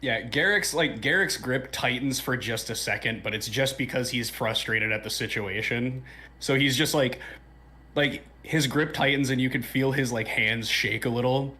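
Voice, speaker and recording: A man's voice: medium pitch, normal speed, bright, forceful tone. Hesitant man playing a tabletop game. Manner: hesitant, self-correcting. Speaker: player.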